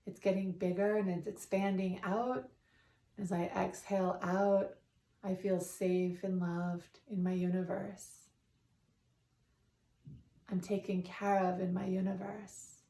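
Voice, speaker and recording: A woman guiding a meditation in a calm, soothing way, leading breaths and repeating affirmations. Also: medium pitch, slow, pauses often. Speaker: meditation guide. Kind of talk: guided meditation. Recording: roomy, distant from the mic.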